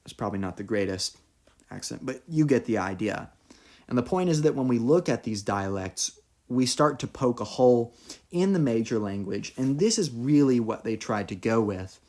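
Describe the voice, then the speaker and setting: A man's voice: mid-range voice, lively intonation, normal speed, a little mellow. A man giving a solo philosophy lecture, explaining ideas in a loose, conversational way and reading quoted passages aloud.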